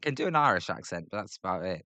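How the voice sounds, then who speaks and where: British man's smooth, low play-by-play chat. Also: sing-song, fast talker, bright, forceful tone, dry recording. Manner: chatty, rambling, frequent fillers and restarts. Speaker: host of a live baseball reaction stream. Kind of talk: casual live play-by-play and chat with viewers.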